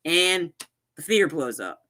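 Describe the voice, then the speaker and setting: In a bright, forceful, sing-song voice pitched fairly high, a podcast co-host meanders through casual film talk at a slightly slow pace. His speech is full of fillers and restarts.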